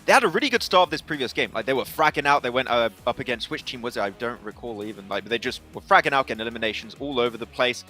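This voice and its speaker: Fast bright-voiced man analyst. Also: medium pitch, expressive, faint music behind. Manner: quick, rambling with restarts. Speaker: esports analyst. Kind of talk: analyst desk chat.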